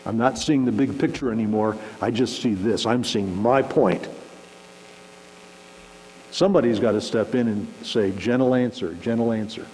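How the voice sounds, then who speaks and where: A man delivers a relaxed, conversational sermon, now and then acting out little scenes to make his point. His voice rings with a long hall reverb, and a faint electrical hum sits underneath. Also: lowish voice, moderate pace, pauses often. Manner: conversational, animated, acts out shouting examples. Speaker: pastor. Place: church sanctuary.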